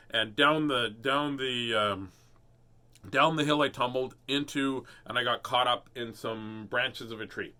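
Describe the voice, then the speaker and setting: A man's voice: medium pitch, sharp tone. A man hosting a casual children's book read-aloud, playful and jokey, laughing often and chatting between pages. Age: adult parent. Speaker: host reading children's books.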